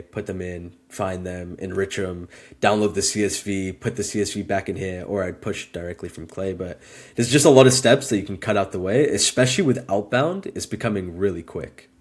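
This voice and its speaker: Man, lowish voice, relaxed, step-by-step explainer, casual walkthrough. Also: fairly quick. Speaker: guest demonstrating software. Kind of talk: casual screen-share walkthrough.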